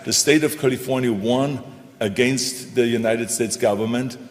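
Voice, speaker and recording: A man's voice: medium pitch, moderate pace. A man speaking on a panel in an emphatic, repetitive, motivational way. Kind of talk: stage panel talk. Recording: reverberant hall.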